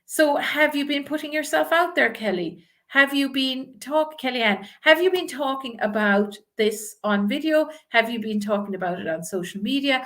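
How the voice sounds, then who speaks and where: A woman's voice: sits high, expressive, normal speed, few pauses, a bit bright. A woman with a strong Irish accent from Ireland, coaching viewers live and reading out their comments. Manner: encouraging, reads out viewer comments. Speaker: image coach.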